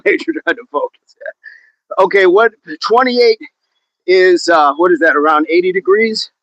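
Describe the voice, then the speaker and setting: A man's voice: high-pitched, measured pace, fairly bright tone, dry recording, lo-fi sound. A man hosting a live workout stream outdoors, counting reps aloud and joking with the chat. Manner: jokey, laughs often, counts reps aloud. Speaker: fitness livestream host.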